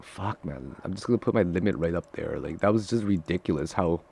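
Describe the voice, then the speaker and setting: A man giving live trading commentary to his viewers, excitable and profane, swinging from loud frustrated outbursts to low muttering. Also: fairly quick, gravelly, husky. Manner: talks straight to viewers, calling them guys. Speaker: day trader streaming live trades.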